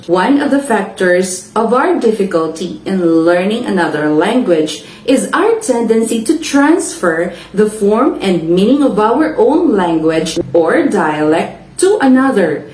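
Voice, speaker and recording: A woman's voice: mid-range voice, darkish tone, echoey room, poor audio. A woman from the Philippines with a Filipino accent, giving a lecture and carefully enunciating and repeating example words. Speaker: university lecturer. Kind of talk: slow, deliberate lecture on word pairs.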